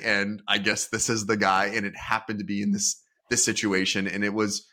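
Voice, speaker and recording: A man co-hosting a podcast, telling a story in a relaxed, self-deprecating way. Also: lowish voice, moderate pace. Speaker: podcast co-host. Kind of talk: casual chat.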